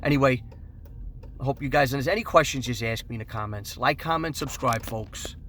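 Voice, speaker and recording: A man, talking casually to camera as a car business host, animated, rambling and profane. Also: mid-range voice, a little fast, a little hiss or hum.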